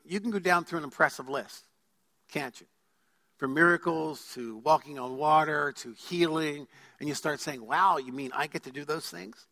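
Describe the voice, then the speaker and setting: A man preaches a sermon in a reverberant church sanctuary, his voice high and bright. He is emphatic and keeps putting questions to the congregation. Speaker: pastor. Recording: long hall reverb.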